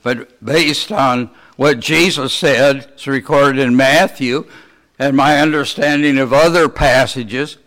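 Slow, questioning male preacher. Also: mid-range voice, fairly even intonation, fairly bright tone. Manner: asks the congregation many rhetorical questions; slow, deliberate delivery. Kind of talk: sermon.

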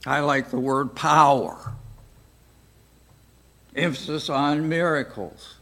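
An older American man teaching a Bible study class, speaking slowly and deliberately with frequent pauses. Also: fairly high pitch, steady tone, fairly bright tone. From United States. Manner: slow, deliberate, pausing often.

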